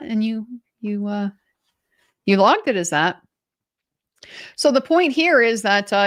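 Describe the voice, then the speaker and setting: A woman's voice: mid-range voice, a bit bright, no room sound, clean studio sound. A middle-aged woman, an attorney, giving sardonic, pointed live commentary on a trial and sometimes mimicking the people she discusses.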